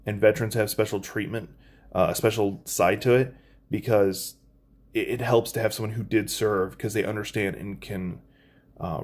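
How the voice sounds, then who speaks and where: A man with a fairly low voice speaks straight to his camera at home, earnest and a bit rambling. He restarts his sentences often and fills the gaps with ums. He is making a heartfelt personal plea. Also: darkish tone. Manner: earnest, rambling, with frequent ums and self-corrections. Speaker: vlogger. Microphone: phone or camera mic, adjusting it while talking.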